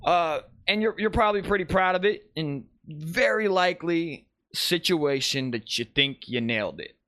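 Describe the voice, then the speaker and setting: A podcast host with a fairly high, lively voice talks casually and rambles through a live show at a moderate pace, correcting himself and greeting chat viewers along the way. His voice is a bit bright, and the studio sound is clean and dry.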